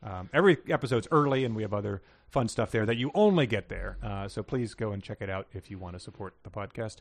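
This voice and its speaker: A man's voice: on the low side, fast talker. A man co-hosting a podcast, chatting casually and reading passages aloud with small stumbles. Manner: reads passages plainly with small stumbles and chuckles. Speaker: podcast co-host reading listener submissions.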